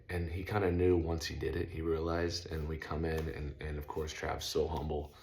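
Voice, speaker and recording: A middle-aged man casually telling a story on his vlog, loose and slangy, breaking into loud sound effects. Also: low-pitched. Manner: laid-back, uses slang like stoked and dope.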